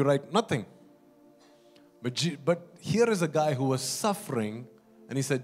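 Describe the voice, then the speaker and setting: Male preacher, earnest, pleading, fairly high voice, faint music behind. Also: animated, moderate pace, pauses often. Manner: earnest, pleading, repeats and restarts phrases, acts out quoted voices. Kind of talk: sermon.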